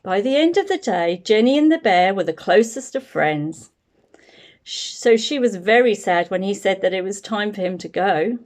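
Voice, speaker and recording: A woman with a New Zealand accent reading a children's picture book aloud in an expressive read-aloud manner. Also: medium pitch, moderate pace. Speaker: storyteller.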